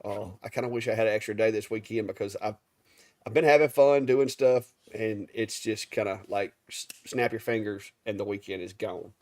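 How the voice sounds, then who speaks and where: Here a middle-aged co-host from Southern Alabama talks at a moderate pace in a lowish, darkish voice, with no echo. His relaxed drawl carries the casual live-stream banter, though he stumbles over names now and then.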